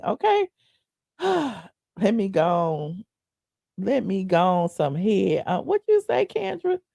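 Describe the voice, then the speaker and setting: Animated sassy woman commentator. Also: mid-range voice, creaky, dry recording, clean studio sound. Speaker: livestream commentary host. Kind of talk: casual commentary reading viewer chat.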